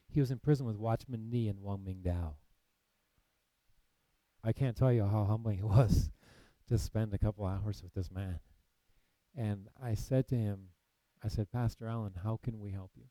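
Preacher, male, mellow dry voice, animated storyteller who drops to a hush. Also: on the low side, no echo, poor audio. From United States. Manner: animated storytelling, acts out quoted voices, then hushed and solemn. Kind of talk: sermon storytelling.

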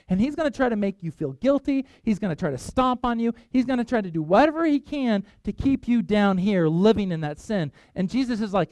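A man's voice: high voice, darkish tone, no room sound. A middle-aged man, a pastor preaching a conversational sermon, acting out quoted voices and restarting sentences as he goes.

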